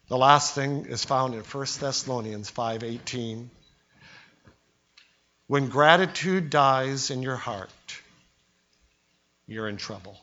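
A man's voice: mid-range voice, a bit bright, muffled recording. An older man preaching a sermon as pastor, telling stories and acting out the quotes. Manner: storytelling preacher, acts out quotes with voices.

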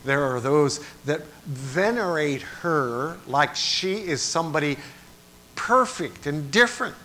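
A man preaching with a bright, forceful voice that sits a little high for a man. He swings between hushed, low lines and loud, dramatic cries. Faint noise hums behind him. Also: animated, takes it slowly. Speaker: pastor. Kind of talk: sermon.

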